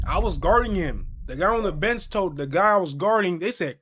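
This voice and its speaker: Animated man telling stories in casual chat. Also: a little high, normal speed, a little hiss or hum. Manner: animated storyteller, acts out quotes. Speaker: podcast host.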